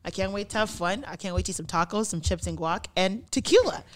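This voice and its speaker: A woman's voice: medium pitch, expressive, fast talker. A young woman chatting on a podcast, telling a story with lots of laughter and acting out the voices of the people in it. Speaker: podcast co-host. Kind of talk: casual storytelling chat.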